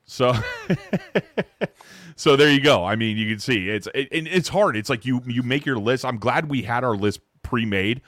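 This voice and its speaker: A man hosting a casual sneaker podcast, swearing freely, restarting sentences and breaking into loud mock outrage. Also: medium pitch, a little slow, no room sound, clean studio sound. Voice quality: profane, restarts often. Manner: excitable, loud outbursts when mock-outraged. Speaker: podcast host.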